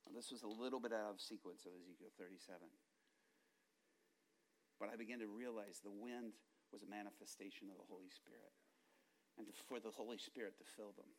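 A man's voice: on the low side, fairly even intonation, fairly quick, pauses often, slight background noise. A middle-aged man preaching, telling a personal testimony in an earnest, conversational way that circles back on itself. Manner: earnest, conversational, with self-repeats. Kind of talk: sermon testimony storytelling.

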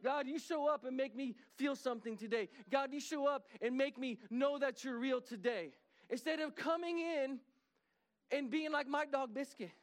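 A man preaching a sermon in a church, telling folksy stories and acting out dogs and churchgoers. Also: very high voice. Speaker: pastor. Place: church sanctuary.

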